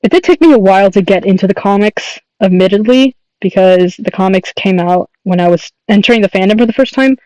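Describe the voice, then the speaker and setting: A man's voice: sits high, fairly quick, few pauses, darkish tone, dry recording, rough recording. A man chatting on his livestream, rambling enthusiastically with lots of fillers and restarts. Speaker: streamer and artist. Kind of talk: casual livestream chat.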